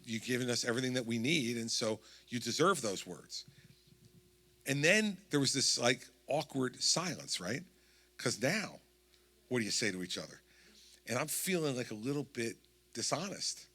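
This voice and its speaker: A man in his sixties with a New Jersey accent tells a long story to a town hall crowd. His voice is bright and forward, with a plain middle pitch, and he acts out each quoted line as he goes. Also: very animated, normal speed. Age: 60s. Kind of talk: anecdotal campaign speech.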